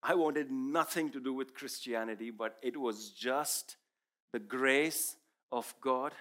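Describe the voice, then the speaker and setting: A man's voice: medium pitch, takes it slowly, a bit bright. A man whose first language is Urdu, giving an earnest, emphatic sermon testimony as a preacher.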